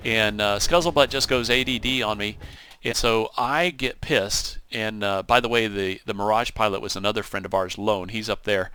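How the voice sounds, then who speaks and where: A man giving casual, animated commentary over his own flight-sim gameplay, acting out what he and his wingman said. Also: on the low side, moderate pace, faint music behind. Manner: animated storytelling, acts out radio calls. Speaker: gaming channel host.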